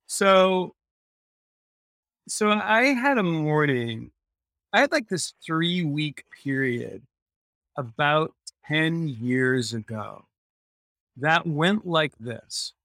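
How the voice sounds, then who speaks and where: A man's voice: a little high, lively intonation, drawn-out words, creaky, pauses often, a bit bright, no room sound. Earnest man telling his story, dry sound. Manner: earnest, repeats phrases for emphasis. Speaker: podcast guest. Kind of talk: personal storytelling in a conversation.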